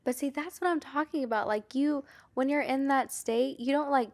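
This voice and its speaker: Higher-pitched young woman with vocal fry. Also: normal speed, few pauses. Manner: earnest, questioning, heavy "like" fillers. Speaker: podcast co-host. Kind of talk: casual chat.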